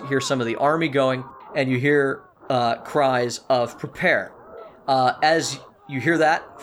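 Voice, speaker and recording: A man running a tabletop game as its game master. He narrates casually, with a middle pitch and loose, descriptive phrasing.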